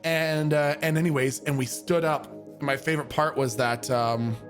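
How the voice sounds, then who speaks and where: A young man from Canada telling a story casually, profane and animated, with many fillers. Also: a little high, moderate pace, music in the background. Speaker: streamer.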